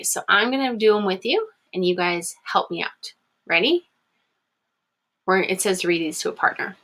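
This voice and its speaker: Husky-voiced teacher sounding out words. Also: female voice, fairly low pitch, a bit bright. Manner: patient, encouraging, sounds words out slowly. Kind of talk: online phonics lesson for young children.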